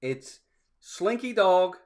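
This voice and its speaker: A man's voice: high voice, very animated, slow pace. Chatty man retelling a coaster ride. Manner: chatty storytelling, acts out ride motions and quotes. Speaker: co-host of a theme park livestream. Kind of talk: casual chat.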